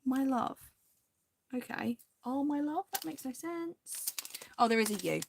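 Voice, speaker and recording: A woman hosting a crafting video, chatting casually and indecisively to viewers, now and then dropping into soft half-whispered asides. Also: sits high, expressive, unhurried, gravelly, noisy background.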